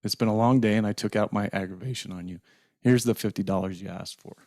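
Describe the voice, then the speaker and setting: A man's voice: lowish voice, fairly even intonation, fast, a little mellow, no echo, studio quality, natural voice. A man reading out the lines of a tired working father who scolds curtly. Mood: apologetic.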